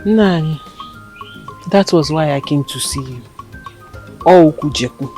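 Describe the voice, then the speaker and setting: A woman's voice: sits low, measured pace, over music. An actress with a Nigerian accent playing a worried young wife anxiously asking about her silent husband. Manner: anxious, questioning.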